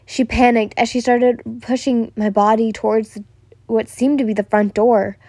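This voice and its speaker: A woman's voice: a little high, steady tone, normal speed, dark tone, dry recording, studio quality. A young woman narrating a first-person listener story, stumbling and restarting now and then. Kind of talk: reading a listener-insert story.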